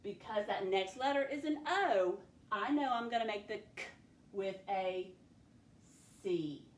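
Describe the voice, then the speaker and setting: A woman teacher with a medium-pitched, expressive voice leads children through a phonics spelling lesson. She goes slowly and patiently, sounding out every word. The room is echoey, with faint noise in the background.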